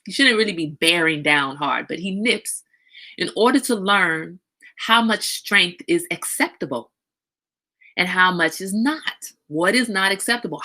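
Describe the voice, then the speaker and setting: Outspoken middle-aged lady hosting a chatty stream, bright clear voice, gets animated. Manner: outspoken, animated, breaks into high sing-song baby voices. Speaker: host. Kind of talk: casual livestream talk.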